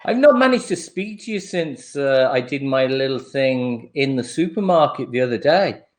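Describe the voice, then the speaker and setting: A man's voice: medium pitch, lively intonation, normal speed. An older man telling casual stories on a livestream chat, chatty and laughing easily. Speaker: livestream host.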